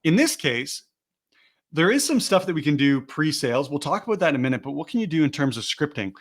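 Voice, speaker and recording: A very animated man with a higher voice and a quick pace runs a live sales session on video. After explaining every step, he performs the lines he wants his students to use.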